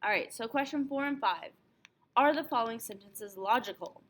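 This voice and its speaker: A woman teaching French, calmly going over a test review and slowing down for example phrases. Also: a little high. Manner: clear, patient explaining with slowed example phrases.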